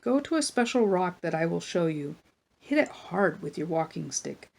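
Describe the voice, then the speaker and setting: A woman's voice: lowish voice, sing-song, normal speed, vocal fry, a little mellow, heavily acted. A woman voicing God, giving firm, short commands in a children's Bible story. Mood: commanding.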